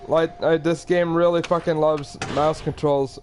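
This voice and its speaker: A man's voice: a little high, level tone, measured pace, darkish tone, a little hiss or hum. A young man playing a game and rambling through explanations with many fillers. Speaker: game player. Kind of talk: casual let's-play commentary.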